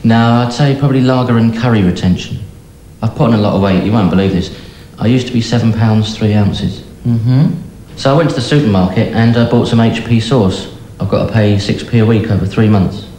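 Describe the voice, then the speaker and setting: A man playing a deadpan joke-telling patient. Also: fairly low pitch, brisk, close to an everyday voice. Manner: deadpan one-liners. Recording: echoey room with faint noise.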